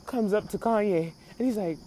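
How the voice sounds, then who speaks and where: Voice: medium pitch, a little fast, very noisy. A podcast host retelling events in a casual, slangy way, laughing often and acting out quotes. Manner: laughing, slangy, animated storytelling. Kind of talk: casual commentary on a clip.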